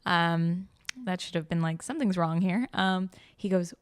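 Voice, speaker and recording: A woman's voice: on the low side, normal speed, smooth, no room sound, studio quality. A young woman chatting on a podcast, telling a story with animation and acting out the quotes. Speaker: guest host. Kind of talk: casual podcast chat.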